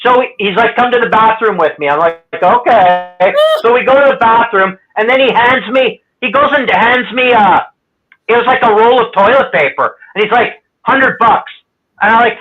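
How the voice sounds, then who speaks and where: High-voiced, profane man telling stories. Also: moderate pace. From Canada. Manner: profane, rambling storyteller who acts out other people's lines. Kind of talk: casual storytelling chat. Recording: muffled lo-fi audio.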